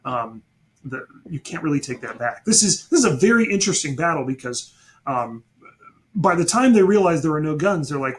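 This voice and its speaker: A male teacher giving a history lesson in a lively, storytelling way. His voice sits a little high and rises and falls widely as he talks. He turns to the class with quick asides.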